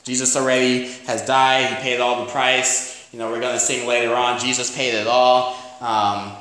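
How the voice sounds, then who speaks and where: A man with a New York accent preaches a sermon in a relaxed, conversational way. His voice sits at a middle pitch, and he often checks in with "amen?" The sound rings heavily in a very echoey church hall. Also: normal speed. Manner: conversational, with frequent "you know" and "amen?". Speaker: pastor.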